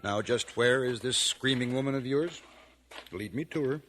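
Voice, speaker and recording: A man's voice: medium pitch, moderate pace, a bit bright, a little hiss or hum, lightly acted. A man playing a good-humored father of a young girl in a 1950s radio drama, teasing and fond, at times stern.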